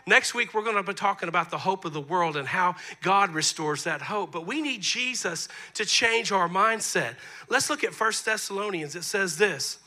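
A man, preaching a sermon as pastor, moving between soft asides and loud emphasis. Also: sits high, animated, moderate pace. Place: church sanctuary.

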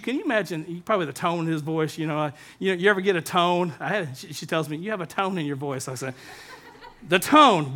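A man preaching a sermon as pastor, lively and humorous, with asides to the congregation. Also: fairly high pitch, brisk.

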